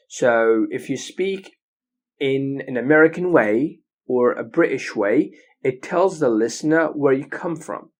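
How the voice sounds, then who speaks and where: A man giving a recorded lecture as an English teacher, explaining slowly and often checking with "okay?". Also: medium pitch.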